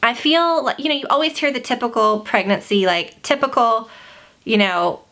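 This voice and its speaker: A woman's voice: a little high, moderate pace, fairly bright tone. A young woman chatting casually to camera as a beauty vlogger, filling her talk with "like" and "you know.". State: pregnant.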